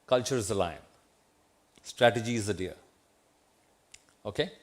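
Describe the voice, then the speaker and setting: A man's voice: on the low side, measured pace. Man, Indian English accent, middle-aged, lecture to students, auditorium, chatty and questioning. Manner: conversational, asks the audience questions, tag "right?". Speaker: guest lecturer.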